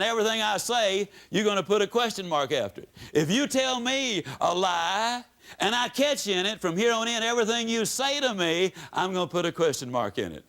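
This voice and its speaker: A man's voice: high voice, a bit bright. A man giving a motivational speech to a live audience, telling folksy stories with sweeping rises and drops in his voice. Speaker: motivational speaker. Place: stage before an audience.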